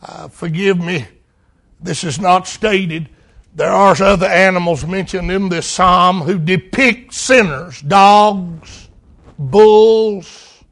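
High-voiced slow impassioned male preacher. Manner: impassioned, swings between crying out and hushed. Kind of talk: sermon.

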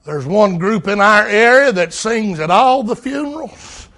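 A middle-aged man preaching a sermon, swinging from impassioned cries to hushed, quiet lines. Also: high-pitched, expressive, unhurried.

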